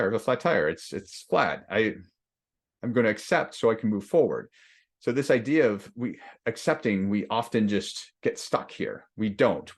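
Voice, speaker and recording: Low-voiced male coach, conversational. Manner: conversational, acts out inner voices with many restarts. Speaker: leadership coach. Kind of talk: workshop lesson.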